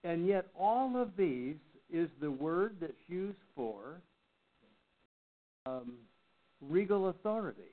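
An older man teaches a Bible study class in a halting way, pausing and clearing his throat often. His voice sits fairly high. The sound is thin and tinny, like a phone line. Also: big pitch swings.

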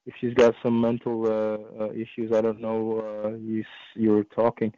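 A man calling in to a support line, hesitant and full of uhs and ums. His voice is mid-pitched and flat in tone, heard dry and dull over a lo-fi phone line. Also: moderate pace, no echo. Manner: hesitant, lots of uh and um. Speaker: caller. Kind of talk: conference call conversation.

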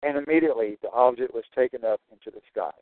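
A man's voice: medium pitch, fast, no echo. A man teaching through a Bible passage verse by verse, stressing and repeating his key points. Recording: tinny phone-like dry sound.

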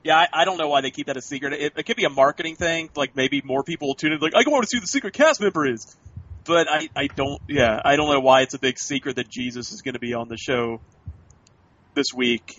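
A man's voice: mid-range voice, fairly even intonation, fast, a bit bright, slight background noise. Easygoing man on a dull lo-fi line. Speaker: podcast guest. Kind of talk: casual chat.

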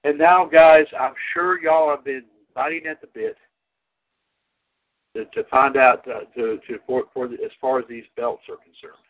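A man's voice: mid-range voice, steady tone, normal speed, highs cut off. A man hosting a casual internet radio show about wrestling, rambling and restarting his sentences and laughing easily. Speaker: podcast host.

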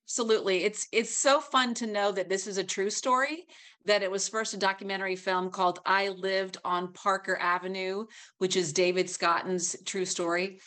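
A woman's voice: mid-range voice, steady tone, moderate pace, a bit bright. Middle-aged woman, interview guest, earnest heartfelt storyteller. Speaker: guest actress. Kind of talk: casual interview talk.

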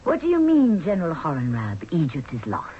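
A woman's voice: low-pitched, huge pitch swings, brisk, slight background noise. An actress playing a proud, idealistic queen in a radio drama, haughty and indignant. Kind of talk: 1970s radio drama acting. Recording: dull lo-fi old radio broadcast.

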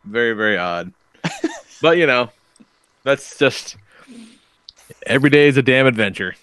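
A young adult man hosting a podcast, telling stories in casual, animated chat with lots of swearing and laughter. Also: medium pitch, a little slow, smooth, no room sound. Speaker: podcast host.

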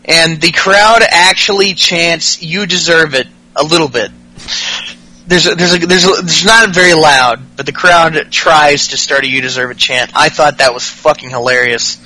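A high-pitched man with a bright, ringing voice runs through a wrestling recap in casual podcast chat. He swears freely and gets worked up, jumping into the wrestlers' lines as he goes. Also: moderate pace, low-quality recording. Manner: profane, excitable, mimics wrestlers' lines. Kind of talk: casual comedic recap with acted-out quotes.

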